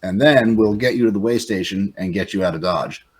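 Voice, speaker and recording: A man as a player in a tabletop role-playing game, speaking in a measured way. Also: fairly low pitch, husky.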